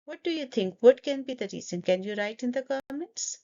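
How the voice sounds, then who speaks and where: A woman teaching English pronunciation, breaking a word into syllables and repeating it slowly for learners. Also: fairly high pitch, animated, dark tone, lo-fi sound. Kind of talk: slow, deliberate pronunciation lesson.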